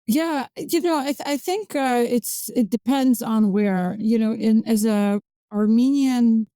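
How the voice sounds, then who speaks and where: Woman in her forties from Azerbaijan as interview guest, mellow tone, halting speech full of fillers. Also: a little high, no room sound. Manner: hesitant, many fillers and restarts. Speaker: physician-scientist guest. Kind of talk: conversational interview.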